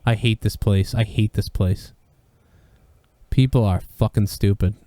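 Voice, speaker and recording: A man's voice: on the low side, fairly even intonation, measured pace, mellow, dry recording. A man hosting a live stream in casual chat, ranting bluntly and swearing freely. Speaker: stream host.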